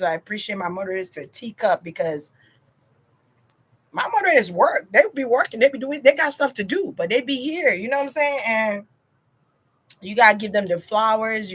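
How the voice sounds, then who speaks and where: A woman's voice: mid-range voice, fairly bright tone. A woman chatting casually to her viewers on a livestream tarot reading, slangy and direct.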